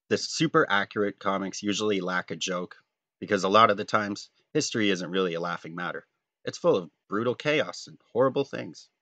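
A man's voice: on the low side, a bit bright, dry recording, lo-fi sound. A man, talking casually and jokingly while drawing a comic, rambling and self-deprecating. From Canada. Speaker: comic artist.

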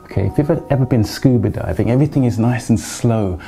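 Fitness instructor, male, mellow easygoing delivery, reassuring coaching with soft music underneath. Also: medium pitch, fairly quick, vocal fry. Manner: calm and reassuring, frequent "okay?" check-ins. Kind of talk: exercise instruction.

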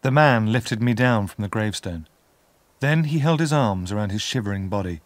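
A man narrating a storybook in a measured, clear reading. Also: lowish voice, expressive, dry recording. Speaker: audiobook narrator.

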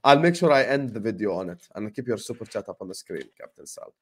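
A young man hosting a casual football live stream, slangy and animated as he shouts out viewers. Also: fairly low pitch, fast talker, slightly rough. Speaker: host.

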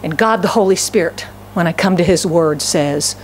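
A woman pastor preaching a sermon in a church. She swings between raised, fervent declarations and hushed, near-whispered pleading, and keeps putting questions to the congregation. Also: on the low side, normal speed, few pauses, slight background noise. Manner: asks the congregation rhetorical questions. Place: church sanctuary.

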